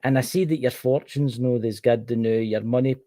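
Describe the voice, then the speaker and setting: A man's voice: mid-range voice, fairly even intonation, brisk, warm tone, no echo. A man with a Scottish accent giving a casual tarot card reading on a livestream, chatting to a viewer by name as he turns each card.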